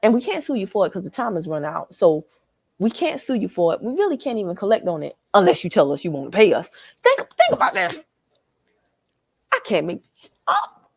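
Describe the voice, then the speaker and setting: A woman with a Southern American accent hosting a livestream, talking straight to her viewers in a worked-up, animated way from a hotel lobby. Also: on the low side, fast, husky, no echo. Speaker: livestream host. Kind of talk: animated live chat reading comments.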